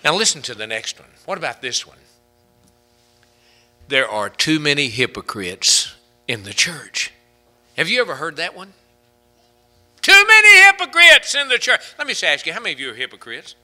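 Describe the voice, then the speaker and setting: Fervent, animated man preaching a sermon. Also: medium pitch, moderate pace, long pauses. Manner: preachy, rising to fervent shouting peaks. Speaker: pastor.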